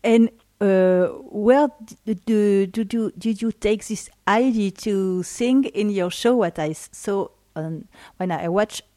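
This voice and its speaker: Halting woman interviewer. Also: medium pitch, warm tone, no echo. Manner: halting, searching for words.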